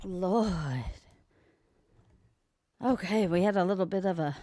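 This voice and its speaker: A woman's voice: lowish voice, moderate pace, long pauses, darkish tone, no room sound, studio quality. A woman hosting a casual livestream from home beside an open back door, chatting and greeting viewers by name. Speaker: livestream host. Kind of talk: casual live chat. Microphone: desk microphone.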